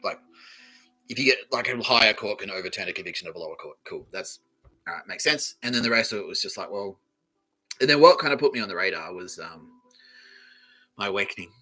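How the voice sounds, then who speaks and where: Swaggering man, bright voice. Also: on the low side, animated, fast talker, pauses often, low-quality recording. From Australia. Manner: swaggering, profane, laughs often. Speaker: podcast host. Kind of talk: casual comedic monologue.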